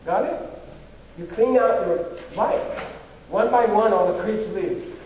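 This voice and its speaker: High-voiced man lecturing in an echoey hall. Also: takes it slowly, a little mellow, recorded from a distance, highs cut off. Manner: conversational, rhetorical questions, frequent "you know". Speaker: spiritual teacher. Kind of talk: informal lecture.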